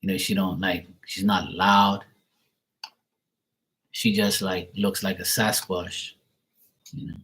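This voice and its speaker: A man's voice: low voice, flat delivery, slow, pauses often, a bit bright, low-quality recording. A man chatting casually on a livestream as a tarot reader, blunt and profane, ranting with chuckles.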